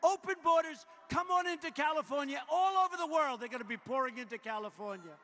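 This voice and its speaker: A man in his seventies giving a boastful, repetitive political rally speech in a large arena, often breaking into shouts. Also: very high-pitched, fast. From United States. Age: 70s. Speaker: president addressing a rally. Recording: long hall reverb with faint noise.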